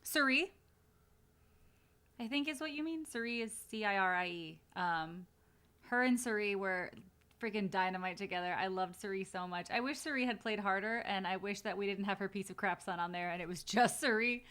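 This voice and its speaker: Female streamer, bright tone, casual blunt watch-party commentary, swears freely. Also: mid-range voice, normal speed.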